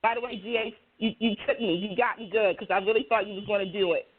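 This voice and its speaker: A woman co-hosting a casual chat about soap operas, talking in an animated, emphatic way. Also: medium pitch, quick pace, slight background noise. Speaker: co-host. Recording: tinny phone-line audio.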